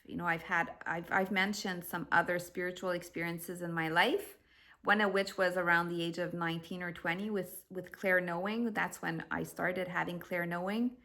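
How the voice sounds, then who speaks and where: A woman speaks to her viewers in a low-pitched but bright, forward voice. She tells a personal story in a reflective, unhurried way, pausing and restarting as she goes. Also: fairly even intonation. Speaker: spiritual vlogger.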